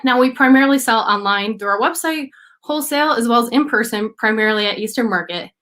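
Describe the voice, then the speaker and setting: A young woman delivers an upbeat, encouraging business pitch over a video call. Her voice sits a little high, and the talk is rehearsed and polished. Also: fast, a bit bright.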